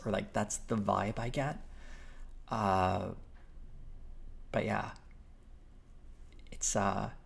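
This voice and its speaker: A man with a somewhat low, gravelly voice chats casually on a live stream. He thinks out loud as he goes, wandering between thoughts and picking up viewer comments. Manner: rambling, thinks aloud, with fillers and restarts while reading chat.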